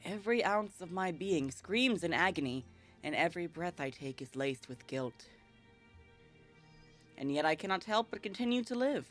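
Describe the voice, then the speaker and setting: A woman voicing a guilt-ridden, centuries-old male vampire narrator in a slow, somber, low reading. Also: animated, faint music behind, lightly acted. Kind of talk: reading a visual novel aloud.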